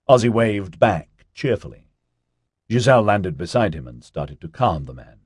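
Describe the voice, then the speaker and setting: A man narrating an audiobook in an expressive storytelling manner. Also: fairly low pitch, normal speed, husky, no room sound, studio quality.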